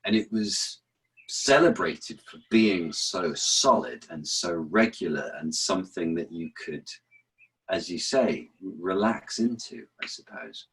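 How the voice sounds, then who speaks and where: Guest, male actor, very low voice, lively storyteller who taps out rhythms. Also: takes it slowly, low-quality recording. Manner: animated storyteller, chants rhythms aloud. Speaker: actor and author, interview guest. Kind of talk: relaxed explanatory interview talk.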